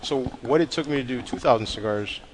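A man's voice: medium pitch, fairly quick, slight background noise, low-quality recording. A man who makes cigars, chatting casually and telling blunt, profane stories about his business. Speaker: cigar maker. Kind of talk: casual chat.

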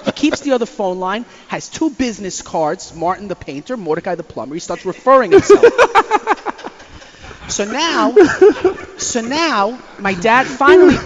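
A man telling a family story as a radio guest, animated and chuckling, often repeating himself. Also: high voice, in a large hall, muffled recording, a little hiss or hum. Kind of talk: casual storytelling.

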